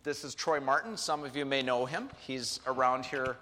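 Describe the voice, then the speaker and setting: A man's voice: mid-range voice, fairly even intonation, moderate pace, sharp tone, a little hiss or hum. A male pastor preaching a conversational sermon with joking asides, then interviewing a guest. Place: church sanctuary. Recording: reverberant hall.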